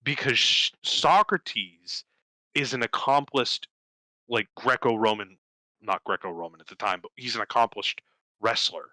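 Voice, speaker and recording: A young man co-hosting a podcast, casually telling a profane, animated story and voicing the characters in it. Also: mid-range voice, measured pace, dry recording, low-quality recording. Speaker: podcast co-host. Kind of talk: casual chat.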